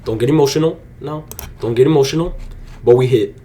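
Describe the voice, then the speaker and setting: A young man casually commenting on his day trades to viewers, slangy and excitable, swearing freely. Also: mid-range voice, fairly quick. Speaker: day trading vlogger. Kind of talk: casual live commentary while trading.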